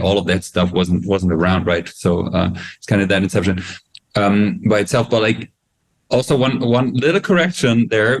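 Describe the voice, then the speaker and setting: A man with a low voice explains his product on an online panel. He talks quickly with many fillers, restarting phrases as he works through his ideas. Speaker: tech company representative. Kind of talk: panel discussion.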